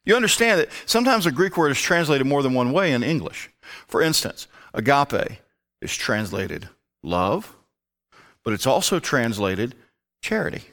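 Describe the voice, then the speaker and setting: A male pastor teaching from scripture in a relaxed, conversational way, explaining each step of his study. His pitch moves a lot, rising high when he gets excited. He drops into low muttered asides now and then. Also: normal speed. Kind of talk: Bible teaching sermon.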